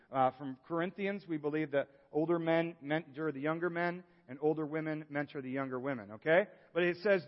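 Animated male pastor, reverberant church hall. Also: on the high side. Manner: animated, swings from hushed to exclaiming. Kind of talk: sermon. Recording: dull sound with long hall reverb.

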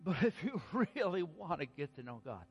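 A man preaching a sermon, slow and emphatic, dropping to a hush and then rising to exclaim. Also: on the high side, sing-song, husky, dull audio. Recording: long hall reverb.

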